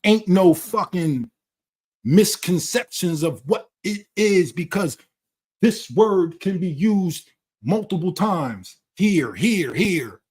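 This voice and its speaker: A man's voice: sits high, lively intonation, takes it slowly, a little mellow, breathy edge. A man talking in a blunt, profane, lecturing way during a casual conversation. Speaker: channel host.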